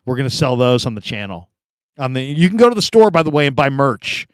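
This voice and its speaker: A middle-aged man hosting a casual sports talk stream, rambling and telling stories with loud acted-out quotes. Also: mid-range voice, brisk, no room sound. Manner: rambling, animated storytelling, acts out quotes loudly. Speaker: show host.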